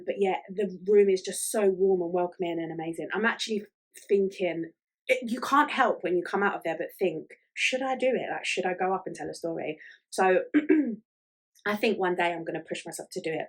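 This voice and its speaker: A woman talks through her solo podcast in a relaxed, chatty way, often stopping on "um" and "like". Her voice sits a little low for a woman. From Ireland. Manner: chatty, with many fillers like "um" and "like". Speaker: podcast host. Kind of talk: casual solo podcast chat.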